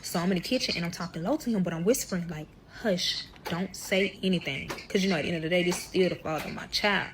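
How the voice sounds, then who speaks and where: A woman's voice: lowish voice, racing, hardly any pauses, background noise. A young woman telling a story to camera in a casual storytime style, swearing often and calling her viewers y'all. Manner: profane, addresses viewers as y'all.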